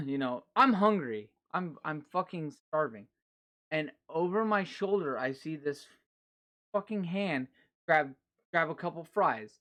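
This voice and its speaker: A man's voice: fairly high pitch, animated, takes it slowly, a bit bright. A young man co-hosting a casual podcast, telling a story with lots of swearing. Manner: swears a lot, tells stories animatedly. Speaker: podcast co-host. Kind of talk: casual chat.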